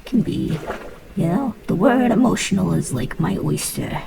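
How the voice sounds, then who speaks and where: A woman's voice: on the low side, sing-song, moderate pace, gravelly, noisy background. A woman casually talking through her gameplay, playful and muttering to herself, swearing now and then. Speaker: gamer.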